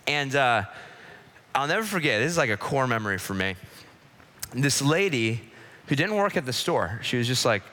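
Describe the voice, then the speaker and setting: A man preaching a sermon, swinging from loud pleading to hushed, intimate talk. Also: medium pitch, very animated, moderate pace, long pauses. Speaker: pastor. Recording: live sermon with long hall reverb.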